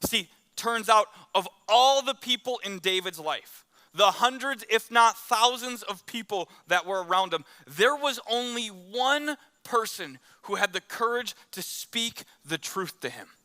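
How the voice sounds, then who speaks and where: Bright, lively-voiced male pastor preaching. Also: sits high, unhurried. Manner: conversational storytelling preaching; acts out quotes in the story. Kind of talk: sermon.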